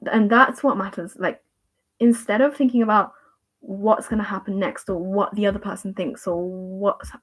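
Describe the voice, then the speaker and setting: A young woman doing a tarot reading on a livestream, talking casually and rambling with many fillers and repeated words in a gentle, reassuring way. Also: mid-range voice, fairly even intonation, moderate pace.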